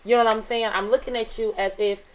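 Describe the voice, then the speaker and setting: A woman's voice: on the high side, fast talker, low-quality recording. A middle-aged woman teacher, telling classroom stories in casual talk and acting out the dialogue. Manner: animated, acts out dialogue in her stories. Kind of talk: casual storytelling on a radio talk show.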